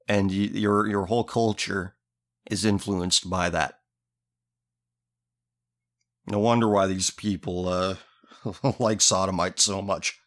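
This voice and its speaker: A man's voice: low-pitched, steady tone, takes it slowly, pauses often, fairly bright tone. A man hosting a show, reading out a listener's letter and ranting over it in a sneering, profane, contemptuous way. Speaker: host.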